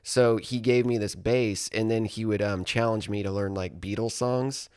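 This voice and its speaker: A man's voice: fairly low pitch, steady tone, moderate pace, a little mellow, smooth, no room sound, clean studio sound. A young man, a band's musician, chatting casually in a laid-back, rambling way with many fillers. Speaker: musician guest. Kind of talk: casual chat.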